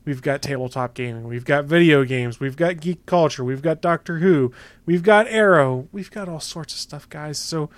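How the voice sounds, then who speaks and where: A man's voice: on the high side, moderate pace, dry recording. A man hosting a podcast, easygoing as he reads segment transitions and network promos. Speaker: podcast host. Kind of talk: casual chat and show promos.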